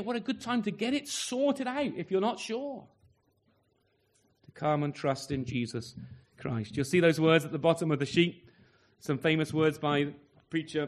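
Male preacher, slightly high voice, earnest sermon delivery with rhetorical questions. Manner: earnest, rhetorical questions, wide swings in pitch and loudness.

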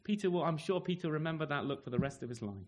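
A man preaching a sermon with a voice that sits a little higher than most men's. He talks to his congregation conversationally, tagging his points with questions like "isn't he?" and stumbling into restarts as he reaches for words. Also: lively intonation, rapid-fire, darkish tone. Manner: conversational, full of rhetorical tag questions.

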